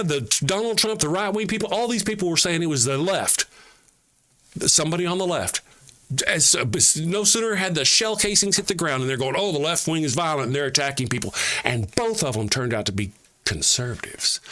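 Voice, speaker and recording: A man delivering an angry, profane political rant to camera, heated and repetitive, dropping low to mock the people he quotes. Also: pushed and bright. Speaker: political commentator.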